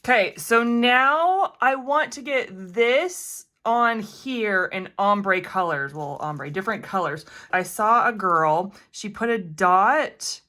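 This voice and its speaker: A woman vlogging as she makes resin jewelry, chatty and excitable, often gasping and laughing as she works. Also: fairly low pitch. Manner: chatty, excitable, gasps and laughs while working. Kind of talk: casual crafting tutorial chat.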